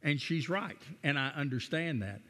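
A man in his sixties with a Southern drawl from Tennessee and Texas preaches in a folksy, storytelling way and pokes fun at himself. His voice sits slightly high and sounds bright and forceful. A long church-hall reverb trails after his words. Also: expressive, moderate pace. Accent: Tennessee and Texan Southern American. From Nashville, Tennessee, USA. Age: 60s. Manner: folksy storytelling, self-deprecating humor. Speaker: guest pastor. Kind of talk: sermon.

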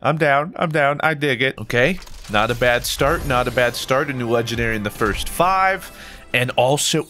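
A young American man talks his way through a game's loot boxes with lots of energy, his voice leaping up and down in pitch. He gasps, squeals and hums little tunes as he reacts. Faint game music plays under his voice. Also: normal speed. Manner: animated, gasps and squeals at loot drops, sings and hums along. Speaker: gaming YouTuber. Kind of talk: excitable gameplay commentary.

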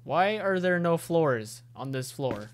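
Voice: mid-range voice, expressive, slow, noisy background. A gamer commenting on a horror game, stammering and poking fun at themselves while reading every character's lines aloud. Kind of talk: let's play commentary. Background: game music.

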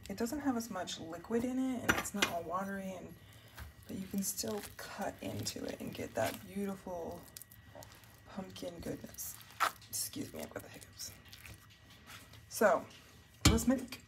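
A young adult woman chatting enthusiastically to viewers as she walks through a home baking recipe in her kitchen. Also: mid-range voice. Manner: chatty, enthusiastic, talks to viewers while working. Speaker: home cooking vlogger. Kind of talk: casual cooking tutorial. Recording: kitchen clatter and appliance noise.

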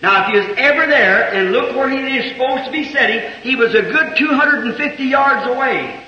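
A man preaching a sermon, acting out dramatic quotes and rising to shouted climaxes. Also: very high-pitched, lively intonation, fairly quick. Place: church service with congregation. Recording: dull echoey old church recording.

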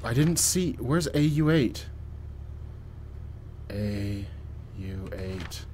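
A man giving casual, joking commentary while playing a horror game. He reads on-screen text aloud and swings between quiet muttering and loud yelps. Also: on the low side, animated, drawn-out words, a little hiss or hum. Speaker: let's play gamer.

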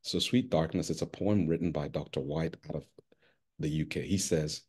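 A middle-aged man delivers an online conference keynote over a video call. His voice sits low and slightly husky. He speaks expressively and turns to listeners by name. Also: moderate pace, a little mellow.

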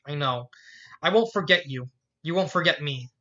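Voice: mid-range voice, lively intonation, moderate pace, bright, forceful tone. A reader voicing an elegant, caring young woman who speaks soothingly, in a fan fiction read aloud. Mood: tender. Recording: dull lo-fi recording.

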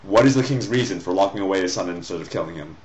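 Sarcastic low-voiced man critiquing a story. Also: racing, a little mellow, reverberant, slight background noise. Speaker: host reading a story aloud. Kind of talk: reading a story aloud and mocking it.

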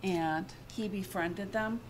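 A woman guide explaining local history in a calm, measured way. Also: medium pitch. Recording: background noise outdoors.

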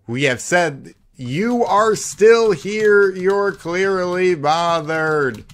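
A man's voice: sits high, expressive, drawn-out words, a bit bright. A man streaming a cartoon game, reading other players' chat aloud and answering it with mocking sarcasm. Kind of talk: live gameplay commentary.

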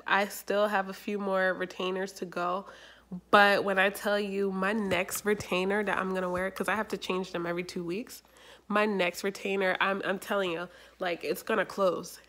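A young adult woman chatting casually in a vlog, rambling and animated, with lots of fillers. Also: medium pitch. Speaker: YouTuber.

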